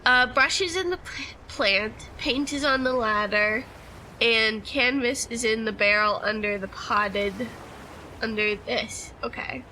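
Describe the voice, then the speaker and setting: Woman streamer chatting thru a game, high voice, slow and easy. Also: bright, forceful tone, a little hiss or hum, low-quality recording. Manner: chatty, laughs easily. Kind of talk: casual gameplay commentary.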